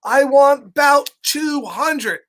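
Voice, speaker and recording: A pompous turtle king barks orders in a raised, higher voice, as a man reading a storybook puts him on. He sounds loud and boastful, and he drags his words out slowly. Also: animated, full character voice. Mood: commanding.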